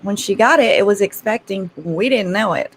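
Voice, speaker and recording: A woman's voice: mid-range voice, lively intonation, normal speed, slight background noise, poor audio. Chatty woman telling stories. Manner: chatty, laughs often, addresses listeners as y'all. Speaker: channel host. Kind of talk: casual storytelling to viewers.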